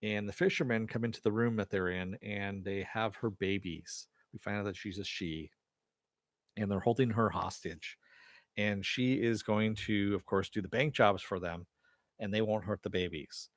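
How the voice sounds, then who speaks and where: A man's voice: lowish voice, steady tone, normal speed, no room sound, clean studio sound. A man giving a casual, rambling recap of a TV episode, with lots of fillers and the odd chuckle. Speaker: TV episode reviewer.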